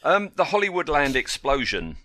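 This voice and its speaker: A man's voice: on the high side, sing-song, normal speed, bright, forceful tone, dry recording. An English man hosting a casual film chat, talkative and laughing often, wandering off on tangents. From England. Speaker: podcast host.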